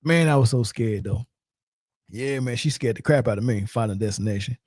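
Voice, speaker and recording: A man's voice: medium pitch, brisk, a little mellow, no room sound, clean studio sound. A man in his forties hosting a sports show, talking loose and slangy in a rambling, storytelling way. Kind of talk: casual sports talk.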